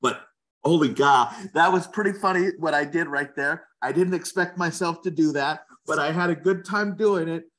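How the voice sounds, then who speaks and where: A man's voice: on the high side, normal speed, a bit bright. A man working as a real estate agent, talking passionately and with strong opinions in a casual interview, often repeating words as he goes.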